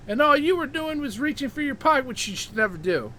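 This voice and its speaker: A man's voice: very high voice, animated, quick pace, hardly any pauses, pushed and bright. A man hosting his own show, delivering a heated, profane ranting monologue and repeating words when worked up. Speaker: show host.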